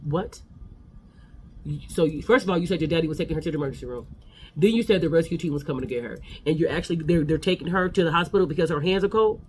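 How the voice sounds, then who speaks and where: A man's voice: fairly high pitch, fast, darkish tone, a little hiss or hum. A man giving a casual, sassy gossip recap of a reality show, talking straight to his viewers.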